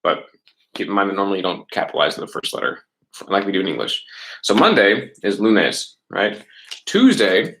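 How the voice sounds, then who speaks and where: A man teaching a middle school class over a webcam, patient, repeating words slowly and checking in with "right?" and "okay?". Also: lowish voice, lively intonation, a bit bright, low-quality recording. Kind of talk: recorded online class lesson.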